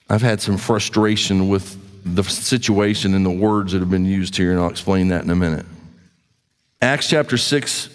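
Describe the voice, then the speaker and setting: A man preaching a sermon as a pastor, in an animated, conversational way with joking asides. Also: high-pitched. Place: church hall. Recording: hall reverb.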